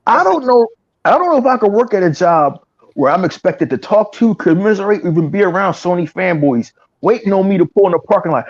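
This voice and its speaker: A man hosting a podcast, ranting profanely and mocking others in an animated way. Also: sits high, brisk. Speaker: podcast host. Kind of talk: casual chat. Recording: dry, dull lo-fi sound.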